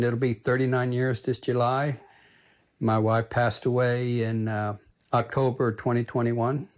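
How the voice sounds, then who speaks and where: Older guy, a deacon, easygoing storyteller on a podcast. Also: mid-range voice. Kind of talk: casual storytelling.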